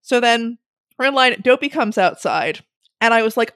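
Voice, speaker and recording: A young woman telling a funny story in a casual way, animated, laughing often and swearing freely. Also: fairly high pitch, normal speed, dry recording, clean studio sound.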